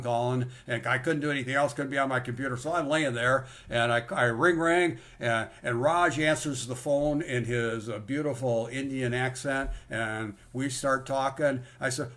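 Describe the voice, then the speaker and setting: A man's voice: mid-range voice, a bit bright. A man giving a live, conversational business-course presentation in an upbeat, enthusiastic way. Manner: enthusiastic, conversational, repeats "in other words".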